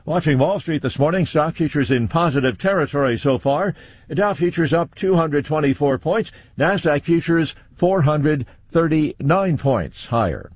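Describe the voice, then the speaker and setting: Brisk husky radio news anchor man. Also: on the high side, expressive, no room sound. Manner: brisk, clipped headline reading. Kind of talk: radio newscast.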